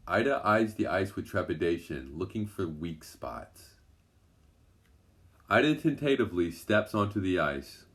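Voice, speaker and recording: A man narrates a children's adventure story with a low, steady voice. He keeps a gentle, even storytelling pace. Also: unhurried. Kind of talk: reading a children's story aloud.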